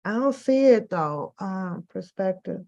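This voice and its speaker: A woman hosting a casual live stream, ranting about celebrity gossip in an animated, exasperated, profane way. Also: mid-range voice, a little slow, lo-fi sound. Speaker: host.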